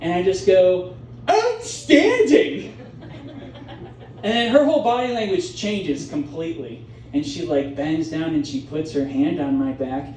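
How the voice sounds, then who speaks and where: A man's voice: a little high, normal speed, a little hiss or hum. A man doing a stand-up comedy set in a club, telling stories with comic voices. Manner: animated storytelling with comic voices. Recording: roomy club sound from a distance.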